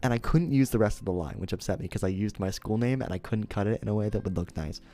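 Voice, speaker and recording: A man's voice: on the low side, fast talker, mellow. A young man streamer casually telling a story to his chat, rambling and interrupting himself, laughing at his own remarks. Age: young adult.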